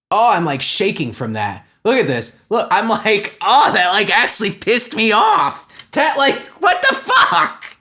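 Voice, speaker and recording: A man hosting a comedy podcast, ranting in a profane, agitated way and swinging between shouting and muttering. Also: high-pitched, big pitch swings, measured pace. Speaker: podcast host.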